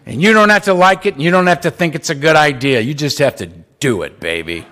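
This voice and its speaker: A man quoting his flamboyant, blunt male sponsor in a deep, drawn-out voice. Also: animated, noisy background, close to an everyday voice. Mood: firm.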